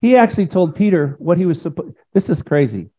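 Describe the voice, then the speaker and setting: A male pastor preaching a sermon in an animated, conversational way, acting out quotes as he goes. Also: high voice, fairly quick.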